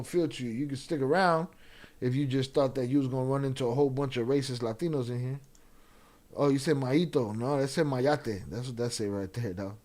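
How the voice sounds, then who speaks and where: A man's voice: mid-range voice, darkish tone. A man hosting a live stream, casually commenting and reading chat aloud in a blunt, profane way. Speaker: live-stream reaction host.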